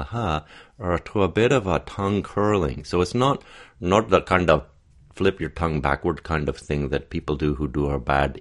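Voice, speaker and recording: Male dialect coach, very low voice, patient explanatory delivery with spoken demonstrations. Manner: explanatory, demonstrates sounds aloud. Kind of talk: accent coaching lesson.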